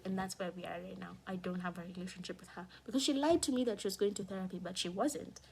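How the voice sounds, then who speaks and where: A woman telling a painful personal story in a candid vlog, fighting back tears, her voice shifting from hushed to heated. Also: mid-range voice, fast talker, slight background noise. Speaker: vlogger.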